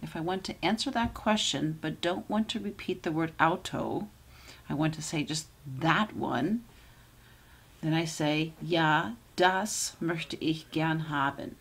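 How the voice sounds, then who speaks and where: Low husky lady teacher going through german grammar step by step, keeps asking okay?. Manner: patient, checks in with "okay?"; slows down to model German sentences. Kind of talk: explaining grammar with examples.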